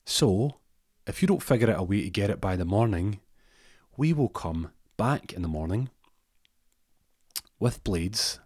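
A man's voice: on the low side, animated, a little slow, pauses often, darkish tone, breathy edge, no echo, clean studio sound. A man voicing a threatening young male dealer who mocks and menaces, in a raised voice. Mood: menacing. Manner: threatening, mocking.

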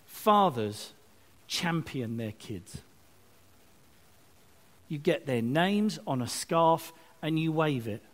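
A man giving a lively, chatty sermon with asides and self-mocking jokes. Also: a little high, slow pace, long pauses. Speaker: preacher. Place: church service, streamed online.

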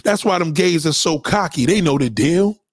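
A man's voice: on the high side, lively intonation, moderate pace, slightly rough, no echo, studio quality. A man delivering a blunt, heated, profane rant to his followers, repeating his points. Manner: blunt, heated, repetitive, swearing. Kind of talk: profane ranting monologue to followers.

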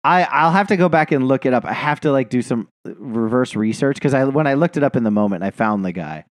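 A man's voice: medium pitch, animated, fairly quick, no room sound, studio quality. A man co-hosting a podcast, telling a long, rambling story in casual chat, swearing and laughing often. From New Jersey. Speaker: podcast co-host.

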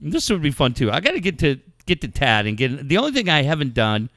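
A man hosting a casual podcast chat, telling stories with lots of swearing and loud acted-out quotes. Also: fairly high pitch, quick pace, no echo, studio quality. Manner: animated storyteller, swears a lot, acts out quotes loudly. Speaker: podcast host organizing a charity event.

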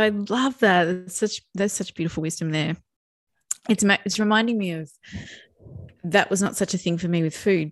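Middle-aged woman, podcast co-host, low voice, reflective and earnest, dry close recording. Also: no room sound. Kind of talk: conversational podcast discussion.

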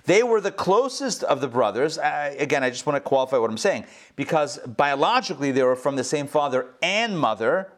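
A middle-aged man with a fairly high voice teaches a Torah class as a rabbi. He talks casually over a video call, cracking jokes and quizzing his listeners. The sound comes through a home computer microphone. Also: sing-song, a little fast, few pauses. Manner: playful, jokey, asks the audience questions. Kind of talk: casual online class lecture. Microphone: computer mic on a video call.

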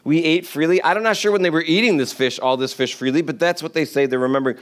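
A man's voice: a little high, fast. A man preaching a casual sermon, retelling scripture in a chatty, joking way and briefly acting out complaining voices. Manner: storytelling, acts out complaining voices in paraphrase.

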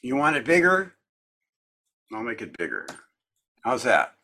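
A man leads a group discussion over a video call, talking casually and rambling with plenty of fillers. His voice sits at a middle pitch, and his tone is easygoing. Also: wildly swooping pitch, measured pace, sharp tone. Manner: chatty, rambling, lots of fillers.

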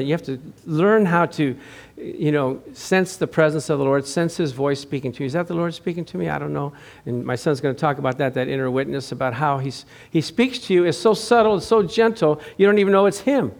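A middle-aged male pastor with a high-pitched voice preaches to his congregation in a chatty, conversational way. He poses rhetorical questions and often doubles back to repeat or restart his phrases. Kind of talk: sermon.

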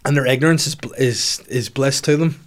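A man's voice: medium pitch, brisk. Rambling sweary man. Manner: swearing, rambling, jokey asides. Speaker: comedian podcaster answering listener questions. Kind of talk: casual solo podcast chat.

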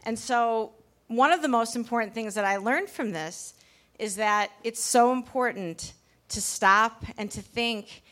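Speaking at a measured pace, this woman's voice sits on the high side and sounds a bit bright. She's a pastry chef on stage in a packed bar, candidly recounting a personal story in a chatty way, often starting over mid-thought.

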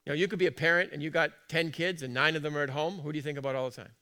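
A man preaching a sermon in a church, chatty and full of questions to the congregation, moving between soft asides and loud emphatic lines. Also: fairly high pitch, fairly even intonation, rapid-fire, smooth. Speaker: pastor.

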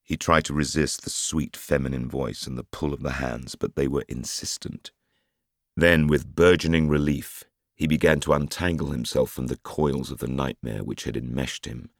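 A man with an extremely low, gravelly, husky voice narrates a thriller in a measured, dramatic way. The recording is close and dry. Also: fairly even intonation, dry recording. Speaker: audiobook narrator. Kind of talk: scripted narration.

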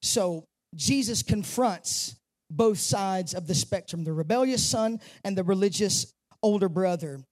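In a church sanctuary, a male pastor with a high, somewhat dark voice delivers a sermon at a slightly slow pace. He pushes his pitch up on key phrases and slips into chatty asides, preaching with rising emphasis.

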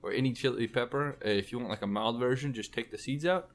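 A man's voice: mid-range voice, fast talker. A man in a casual podcast chat, explaining things in a rambling way full of fillers. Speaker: podcast guest explaining a cocktail.

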